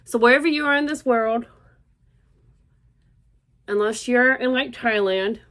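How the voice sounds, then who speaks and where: A woman's voice: a little high, unhurried. A young woman from Florida, chatting casually through a makeup tutorial, rambling and exclaiming, then murmuring as she works. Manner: animated, rambling, exclamatory, drops to murmurs while applying. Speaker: beauty vlogger.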